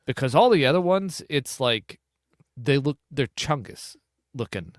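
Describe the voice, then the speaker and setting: A man's voice: mid-range voice, lively intonation, measured pace, no room sound, clean studio sound. A middle-aged man hosting a casual hunting podcast, rambling and often breaking off to restart his thoughts. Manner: rambling, self-interrupting. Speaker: podcast host. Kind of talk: casual chat.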